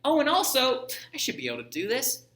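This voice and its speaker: A man's voice: very high-pitched, wildly swooping pitch, fast, a bit bright, roomy sound, voice pushed up, full character voice. A male teacher putting on a boastful, fidgety emperor who hesitates and then turns cocky, for his lecture. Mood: scheming.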